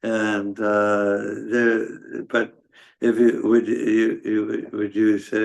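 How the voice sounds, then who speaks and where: A man giving a scripture class in a halting, conversational way, with many fillers and restarts. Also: lowish voice, level tone, gravelly. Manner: conversational storytelling. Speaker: class speaker.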